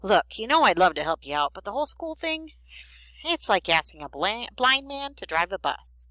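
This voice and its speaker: A woman's voice: medium pitch, very animated, normal speed, pushed and bright, no echo, pitched above the performer's own voice, rough recording. A woman voicing an easygoing teenage boy, the narrator's joking big brother, in a storybook reading. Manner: laid-back, joking, folksy.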